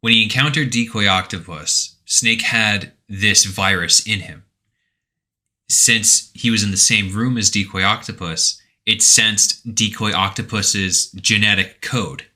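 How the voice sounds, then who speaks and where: A man's voice: lowish voice, a little slow, pushed and bright. A man co-hosting a podcast, casually retelling a game's story and acting out quoted lines with animation. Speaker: podcast co-host. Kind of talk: casual chat retelling a game plot.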